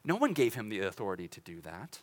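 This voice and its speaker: A young adult man, a pastor, preaching a conversational sermon, chatty and light, slowing down for dramatic lines. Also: on the low side, huge pitch swings. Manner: conversational, with laughs and dramatic slowdowns.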